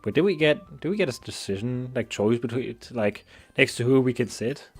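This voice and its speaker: A man's voice: mid-range voice, moderate pace, breathy edge, soft background music. A man streaming a game, rambling and stammering through jokey commentary at a desk mic. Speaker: gaming streamer. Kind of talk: casual gameplay commentary. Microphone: desk mic with face cam.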